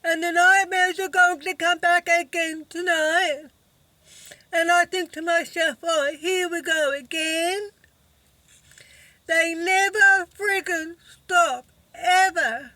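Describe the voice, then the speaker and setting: A woman talking to camera in a personal vlog, halting and emotional, with many fillers. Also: very high voice, pushed and bright, no room sound. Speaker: vlogger. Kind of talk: personal recovery vlog monologue.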